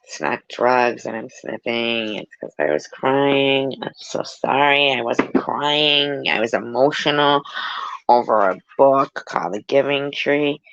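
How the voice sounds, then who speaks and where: A sentimental woman rambles through a casual vlog, stopping often to explain herself. Her voice has a gravelly, fried texture. The sound is dull and dry, with no room echo. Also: very deep voice, slow. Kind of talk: casual vlog, reading a children's book aloud.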